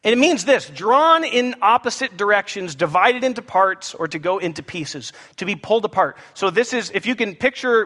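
A man preaching a sermon, with animated, playful asides to the congregation. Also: high voice. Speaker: pastor. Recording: echoey hall with long reverb.

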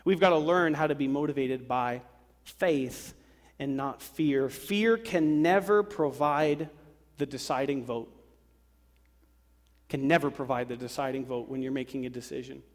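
A man preaching a sermon to a congregation, lively and acting out worried voices. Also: mid-range voice, unhurried. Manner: animated, acts out worried voices. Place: church sanctuary. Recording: long hall reverb.

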